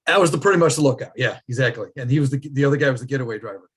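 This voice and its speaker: A man's voice: medium pitch, racing, slightly rough. A middle-aged man, a firearms trainer, telling stories in casual chat and laughing often. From New York state. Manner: animated storyteller, laughs often.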